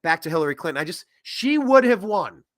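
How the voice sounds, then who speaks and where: A man hosting a political commentary show, ranting in an animated way that swings between loud and soft. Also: high voice, a little fast, no echo, studio quality. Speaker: host.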